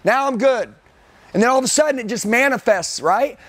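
Intense, high-voiced male sales coach. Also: expressive, fairly quick, no echo. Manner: intense, emphatic, repeats himself, calls people dude. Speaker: sales trainer. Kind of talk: live coaching to a room of trainees.

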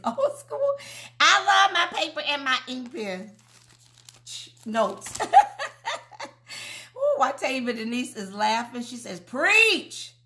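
Lady pastor doing a live sermon, bright and kinda high, lots of woo and amen, laughs a bunch, quiet music in the back. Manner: exclaims, laughs often, drawn-out calls of praise. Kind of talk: livestream sermon, reading viewer comments.

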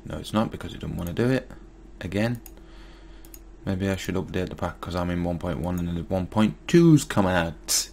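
Deep gravelly man muttering through gameplay. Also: expressive, normal speed, mellow, slight background noise. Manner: muttering to himself, mildly exasperated. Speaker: gaming YouTuber. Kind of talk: casual Let's Play commentary.

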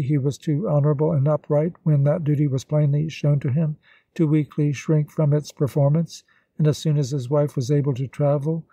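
Man with a dark, mellow reading voice. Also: on the high side, dry recording. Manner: steady, even storytelling. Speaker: audiobook narrator. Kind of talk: audiobook reading of a classic novel.

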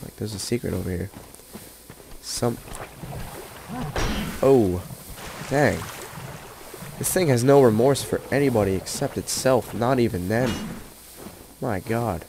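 Man, sick, low voice, annoyed game commentary, trash talk, noisy background. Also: a little slow, long pauses, darkish tone. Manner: exasperated, trash-talks enemies, keeps voice down. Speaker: let's play commentator. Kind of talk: gameplay commentary.

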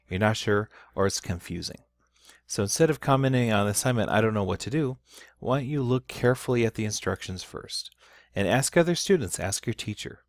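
A man's voice: on the low side, no room sound. A middle-aged man teaching a recorded online Spanish lesson, explaining patiently with repeats and restarts and stressing key sounds.

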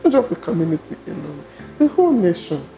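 A middle-aged Nigerian woman telling her story as an interview guest, expressive and quick to laugh. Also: on the low side, creaky, over music. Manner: expressive, laughs often, acts out quoted dialogue. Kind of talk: animated personal storytelling.

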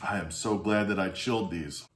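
A man's voice: low voice, moderate pace, fairly bright tone, soft background music. Chatty, joking male vlogger. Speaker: vlogger testing drinks on a breathalyzer. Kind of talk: casual on-camera vlog.

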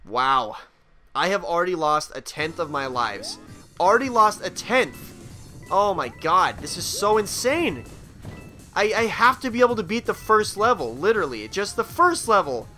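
Excitable man with a bright, lively voice. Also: high voice, normal speed, faint music behind. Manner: excitable, swears, panicky outbursts; talks to the game character. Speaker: gaming let's play host. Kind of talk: let's play commentary.

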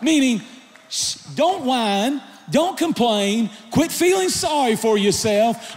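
Pastor guy preaching in a big reverby church, high voice, gets shouty. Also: expressive, a little slow, some chatter behind. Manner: preaching with rising intensity, shouting at climaxes; drops to a low, quiet storytelling voice. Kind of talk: sermon. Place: large church hall. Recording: live sermon with long hall reverb.

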